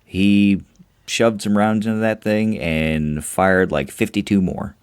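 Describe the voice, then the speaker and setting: A man co-hosting a podcast, chatting casually about movies, animated and jokey. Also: fairly low pitch, slow pace, clean tone, dry recording, studio quality. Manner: animated, jokey, acts out quotes. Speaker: podcast co-host. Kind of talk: casual movie review chat.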